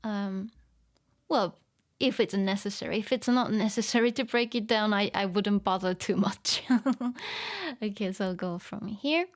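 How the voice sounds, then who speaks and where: A woman's voice: medium pitch, steady tone, unhurried. A woman giving a casual online language lesson, chatty and full of fillers and small laughs. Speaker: language teacher.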